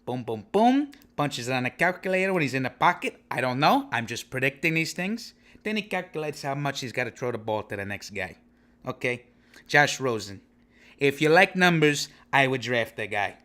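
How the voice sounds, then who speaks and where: Sharp in tone and expressive, the man's mid-range voice moves at a moderate pace. He's a podcast host riffing on sports for laughs in cocky wise-guy style, following his picks with "okay?"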